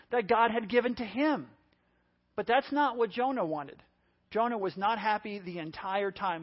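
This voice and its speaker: High-voiced man preaching a children's sermon. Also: dull audio. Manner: animated storytelling, acting out quotes. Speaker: pastor.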